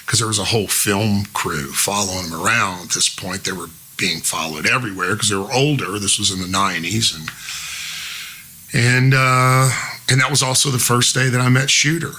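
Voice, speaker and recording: Give me a lively male storyteller with a bright, forceful, slightly husky voice. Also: low-pitched. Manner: animated storyteller who mimics the people he quotes. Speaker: musician guest. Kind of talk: casual storytelling.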